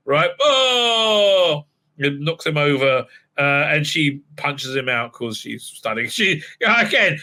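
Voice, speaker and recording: A man's voice: on the high side, bright, forceful tone. A man giving a casual, sarcastic recap of a TV episode, mocking the scenes and stumbling through lots of fillers and restarts. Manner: mocking, acts out scenes with put-on voices; halting, many fillers and restarts. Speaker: show reviewer.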